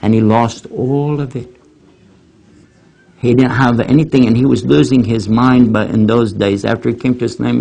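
A man's voice: mid-range voice, gravelly, poor audio. An older man giving a casual lecture and answering questions, telling folksy stories. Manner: folksy storytelling, animated quoting of others.

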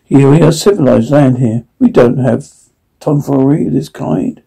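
A man voicing a stubborn, scoffing older gentleman in a storybook reading, dropping his voice low and muttering dismissively. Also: moderate pace, creaky, breathy edge, rough recording.

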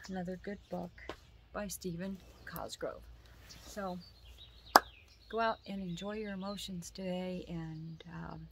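A woman reading a children's picture book aloud, gentle and unhurried. Her voice carries a gravelly edge, and a faint hum of noise sits behind her. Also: on the low side. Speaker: storybook reader.

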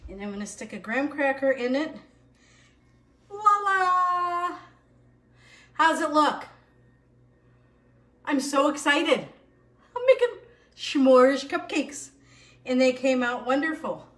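In her home kitchen, a middle-aged woman hosts a live cooking show with casual, bubbly chatter, often laughing at herself. Her voice sits high with a fairly bright tone, she talks at a moderate pace, and the recording sounds roomy.

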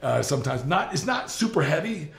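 A middle-aged man hosting a podcast, talking earnestly in a halting way with many restarts and laughs. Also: on the high side, big pitch swings, creaky, a bit bright, roomy sound. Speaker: podcast host. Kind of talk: casual interview chat.

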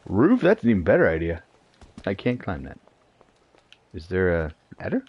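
A man's voice: sits low, huge pitch swings, moderate pace, dull audio, slight background noise. Guy streaming a shooter game, joking around and cursing, voice bounces all over, faint gunfire behind. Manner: jokey, swears, talks to himself and teammates. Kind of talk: live gameplay commentary.

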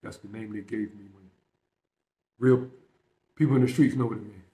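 A man's voice: fairly low pitch, steady tone, moderate pace, dark tone. Slangy man hosting a reaction video. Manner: slangy, emphatic, talks straight to viewers. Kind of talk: casual reaction commentary. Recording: echoey room.

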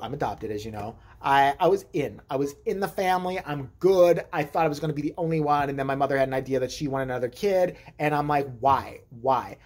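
A woman with a low, husky voice rambles through family stories in a loose monologue. She swears freely and keeps the jokes dark. Her pitch swings widely as she talks. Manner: rambling, profane, darkly joking. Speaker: vlogger. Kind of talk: casual storytelling monologue.

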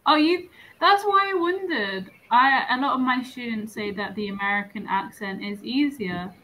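A woman's voice: fairly high pitch, normal speed, sharp tone, poor audio. A young woman from northern England with a neutral English accent, chatting casually as an English tutor on a video call and laughing often.

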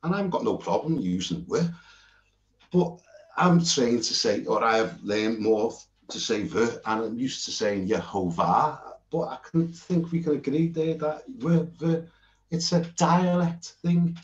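A man's voice: mid-range voice, a little slow. A British man giving an informal Bible lesson while showing notes on screen, earnest and rambling, often restarting his sentences. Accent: British English. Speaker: Bible teacher. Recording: roomy and dull lo-fi.

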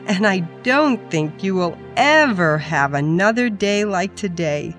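A woman voicing a gentle, patient mother in a children's story, explaining in a soothing, instructive way. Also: mid-range voice, expressive, unhurried, soft background music. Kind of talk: storybook character voice.

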